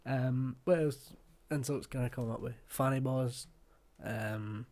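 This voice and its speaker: A man's voice: mid-range voice, fairly even intonation, slow pace, a little mellow. A man with a West of Scotland accent hosting a reaction video, talking casually, swearing bluntly and joking.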